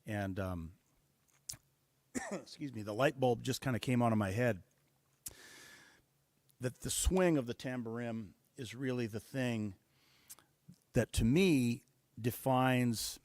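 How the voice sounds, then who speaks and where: A man's voice: mid-range voice, mellow, no room sound, studio quality. A man being interviewed about drumming, explaining rhythms and counting and singing the beats aloud. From Seattle-based. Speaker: guest musician, drummer.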